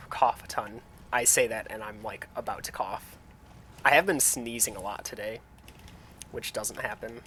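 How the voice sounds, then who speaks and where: A man streams a video game and chats loosely with viewers while playing, thinking aloud with restarts and reading and answering chat. His medium-pitched voice sounds pushed and bright, slightly nasal from a runny nose, with a little background noise.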